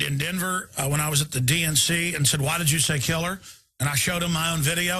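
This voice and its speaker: A man's voice: on the high side, sharp tone, slightly rough. A male talk radio host delivering a rambling, indignant live monologue.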